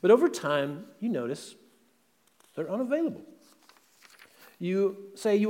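Very animated and pausing often, a male pastor with a high, darkish voice preaches at a moderate pace. He keeps the sermon conversational with frequent "right?" check-ins, and the church sanctuary adds long hall reverb.

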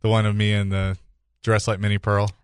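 A man's voice: fairly low pitch, monotone, brisk, clear, resonant tone, no echo, studio quality. A man co-hosting a podcast, chatting casually with easygoing, supportive remarks. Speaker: podcast co-host. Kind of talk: casual chat.

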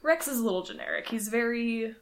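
A woman's voice: on the high side, a little fast. A woman co-hosting a podcast in casual chat, chatty and laughing often. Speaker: podcast co-host.

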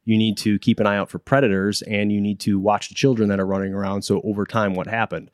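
A man with a voice on the low side talks fast, recorded dry and clean in a studio. He's a behavior analysis training instructor explaining things in a casual interview, animated, acting out quotes and frequently restarting.

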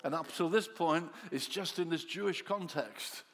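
A man preaching a sermon, telling the story in an animated way and acting out the disciples' voices, dropping to soft low tones for quiet lines. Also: normal speed. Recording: long hall reverb.

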